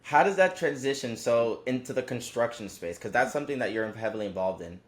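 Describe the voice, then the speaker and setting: A young man hosting a podcast, talking in an excited, hyped-up way with lots of repetition. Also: brisk, reverberant. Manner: hyped, repetitive, upbeat pitch. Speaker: podcast host. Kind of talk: energetic show intro and casual interview.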